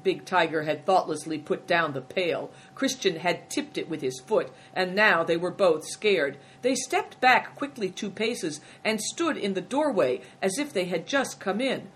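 A woman narrating an audiobook, with expressive storytelling. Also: fairly low pitch, unhurried, few pauses, slightly rough.

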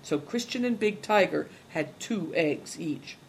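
A narrator reading a story aloud at a steady, even storytelling pace. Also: mid-range voice, measured pace, vocal fry, slight background noise. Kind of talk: audiobook narration.

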